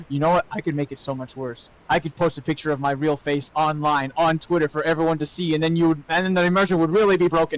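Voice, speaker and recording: Guy vtuber goofing around on stream, kinda high voice, joking and swearing. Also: fairly even intonation, quick pace, hardly any pauses, low-quality recording. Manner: playful, joking, swears freely. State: out of breath. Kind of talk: casual live stream chat.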